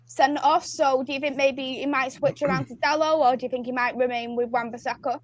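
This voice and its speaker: Female host, high voice, casual football fan call, keeps the panel talking. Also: steady tone, brisk, no echo. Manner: leads the chat, asks the panel questions.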